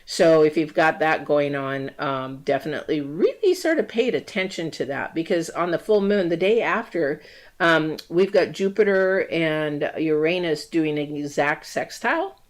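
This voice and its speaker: A woman reading tarot and astrology in a casual livestream, rambling with many pauses and filler words. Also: low-pitched, expressive. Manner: rambling, many ums and restarts; acts out quoted voices in story asides.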